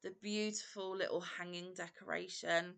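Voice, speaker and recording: A woman's voice: fairly low pitch, steady tone, normal speed, creaky, fairly bright tone. A woman vlogger unboxing a gift parcel, gushing and exclaiming over each item. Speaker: crochet vlogger. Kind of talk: unboxing vlog.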